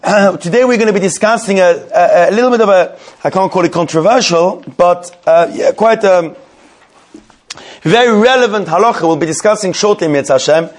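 A man teaching a Torah class who tells a story in a rapid, animated way, repeating himself and restarting his sentences often. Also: sits high.

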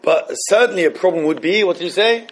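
Man, high voice, teaching a class, thinking aloud, repetitive, answers student questions. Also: fast talker. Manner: thinking aloud, repeating phrases, mixing Hebrew terms.

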